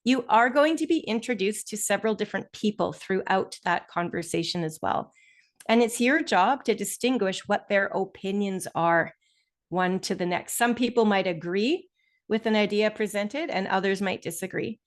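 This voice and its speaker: A woman instructor teaching a live test-prep webinar over a video call, explaining patiently and stressing key words with deliberate pauses. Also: mid-range voice.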